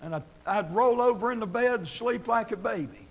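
A man preaching an impassioned sermon, swinging from shouted scripture to quiet asides. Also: extremely high pitch, brisk, slightly rough. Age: 30s.

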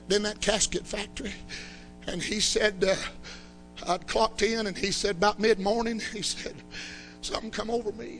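Male preacher, very high and piercingly bright, fervent storytelling delivery. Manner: storytelling, builds to fervent shouting. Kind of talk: sermon.

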